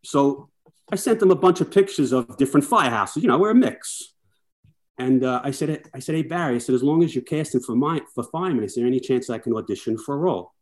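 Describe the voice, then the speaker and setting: Middle-aged male firefighter guest, mid-pitch, chatty storyteller who plays out the people he quotes. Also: fast. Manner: lively anecdotes, acts out quoted dialogue. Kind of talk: casual storytelling chat.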